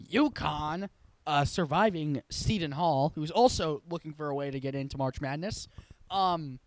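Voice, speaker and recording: A man talking sports in a casual, rambling way, firing off blunt opinions and correcting himself as he goes. His voice sits a little higher than most men's. The sound is dry and close, with no room echo. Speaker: sports show host.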